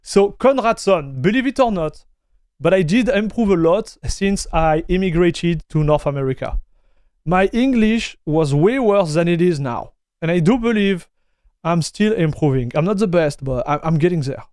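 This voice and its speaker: A man's voice: high voice, lively intonation, moderate pace, darkish tone, no room sound, studio quality. A man with a French accent, a native French speaker, chatting casually on a live stream, answering viewers and calling them dude and broski. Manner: chatty, reads viewer messages aloud, calls people dude and broski.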